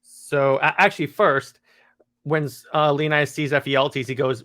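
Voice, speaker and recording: A man's voice: on the high side, little pitch movement, normal speed, pushed and bright. A man casually reviewing a comic book, enthusiastic and rambling, with lots of fillers and restarts.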